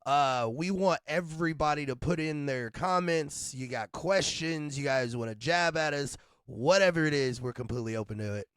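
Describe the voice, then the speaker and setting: A man with a raspy, deep voice co-hosting a podcast, chatting loosely with laughs and shout-outs. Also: normal speed, few pauses, dry recording, studio quality. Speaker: podcast co-host. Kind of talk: casual podcast chat.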